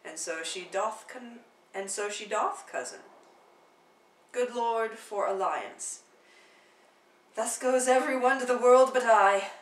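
A woman voicing a witty, sharp-tongued noblewoman in a play reading, with quick teasing banter, recorded on a phone livestream. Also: a little high, reverberant, recorded from a distance, a little hiss or hum, low-quality recording.

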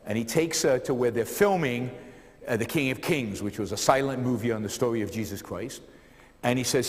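A man's voice: medium pitch, a little fast. Man lecturing in a reverberant hall. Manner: energetic storyteller with many fillers and repeated words. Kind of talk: public lecture storytelling.

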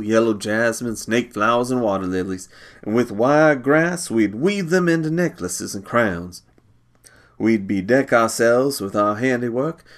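A man reading a short story aloud, measured and unhurried. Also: on the low side, a bit bright.

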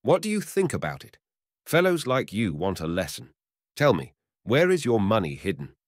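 A man's voice: on the low side, wildly swooping pitch, normal speed, no echo, clean studio sound, voice pushed up. A man voicing an angry young male hunter who scolds and threatens. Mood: threatening.

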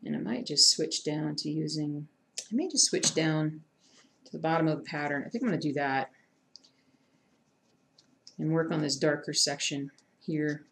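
A woman's voice: low voice, normal speed, vocal fry, long pauses, a little hiss or hum. A woman chatting casually with her viewers while she stitches, reading their comments and muttering to herself as she hunts for thread. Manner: chatty, self-deprecating, talks to chat, mutters to herself. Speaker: cross-stitch streamer. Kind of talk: casual live-stream chat while stitching.

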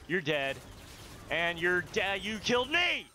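Male gamer host, high and animated, slow-paced delivery between profane outbursts. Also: slight background noise. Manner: swearing, yelling outbursts at opponents. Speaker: gaming video host. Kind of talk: live gameplay commentary.

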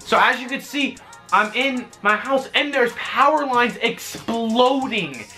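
Animated young man telling a story. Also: extremely high pitch, slow, over music. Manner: animated, swearing, exaggerating. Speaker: vlogger. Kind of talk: excited storytelling vlog.

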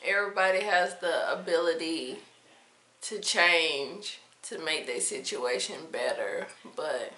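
A woman speaking softly and reflectively in a candid, confessional monologue to her viewers. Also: low-pitched. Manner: soft-spoken, slow and reflective. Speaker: vlogger sharing personal reflections. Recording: roomy echoey room.

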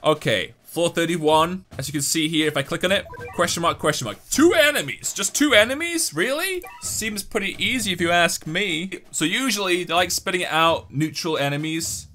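Excitable young man narrating gameplay. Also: on the high side, moderate pace, hardly any pauses, a little hiss or hum. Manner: excitable, swings from mumbling to yelling and laughing at the game. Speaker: gaming YouTuber. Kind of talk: casual gameplay commentary.

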